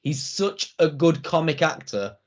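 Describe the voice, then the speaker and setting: A man's voice: a little high, very animated, a little slow. A man co-hosting a casual wrestling review, rambling and restarting his sentences often. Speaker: wrestling podcast co-host. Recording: dull lo-fi sound.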